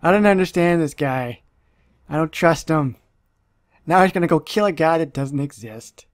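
A man's voice: on the high side, lively intonation, moderate pace. A man, a YouTuber, giving chatty and amused commentary over a mobile game walkthrough, recorded close on a dry mic. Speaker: gaming YouTuber.

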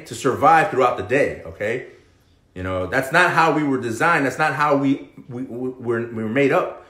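A man's voice: on the high side, reverberant. A man hosting a fitness live stream, giving a motivational pep talk and checking in with "okay?" between points. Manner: pep-talk, keeps asking "okay?" and "right?"; animated, swings between loud and hushed.

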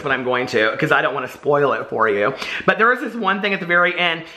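A man's voice: on the high side, fast talker, bright, forceful tone. A man in his forties, chatting animatedly through a casual book review vlog, full of asides and laughter.

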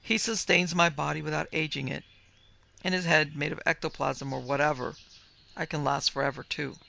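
Female horror narrator, vivid first-person reading, gravelly bright tone. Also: low-pitched, fairly even intonation, normal speed. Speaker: narrator and producer. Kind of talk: dramatic horror story narration.

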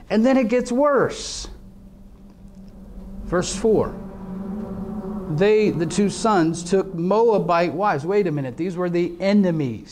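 A middle-aged man preaching a sermon, telling his own story earnestly, swinging from quiet, halting moments to emphatic lines. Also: high-pitched, a little hiss or hum.

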